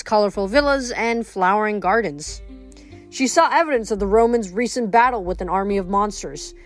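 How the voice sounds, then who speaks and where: A woman reading a novel aloud to listeners, careful and steady, with small restarts. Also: mid-range voice.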